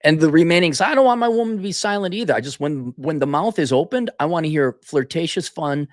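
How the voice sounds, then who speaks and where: A man hosting a casual opinion monologue, blunt and animated, often restarting his sentences. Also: a little high, quick pace, no echo, studio quality. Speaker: podcast host.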